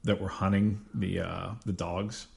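A man co-hosting a podcast in casual chat, speaking haltingly with fillers. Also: low voice, level tone, creaky, a little mellow. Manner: halting, hesitant, many fillers. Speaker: podcast co-host.

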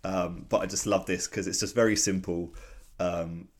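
This is a chatty man with a very deep voice, co-hosting a relaxed podcast about comic strips. He giggles often and leans on fillers as he talks things through. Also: normal speed. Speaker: podcast co-host.

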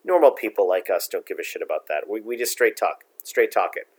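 A man's voice: fairly low pitch, animated, fairly quick, slightly rough. A middle-aged man co-hosting a casual political chat, opinionated and blunt, ranting in long runs. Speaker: podcast co-host.

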